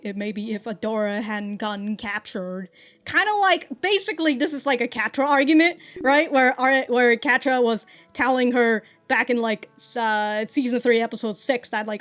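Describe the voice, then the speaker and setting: A woman hosting a casual reaction commentary who swears a lot, laughs often and rambles with restarts. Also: on the high side. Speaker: reaction video host.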